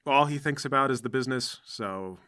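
A man voicing a friendly, down-to-earth male superhero who leads a small team, speaking in a relaxed, reassuring and chatty way. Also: medium pitch, brisk, natural voice.

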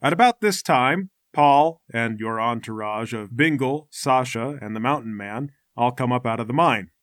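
A man narrating a tabletop game as game master, lively and full of spoken sound effects. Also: mid-range voice, moderate pace, no room sound, clean studio sound.

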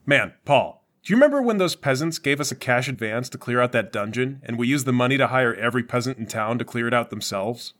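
A man playing a tabletop game, rambling through stories with a deadpan manner. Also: mid-range voice, fast, hardly any pauses. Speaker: player. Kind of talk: tabletop game banter and in-character play.

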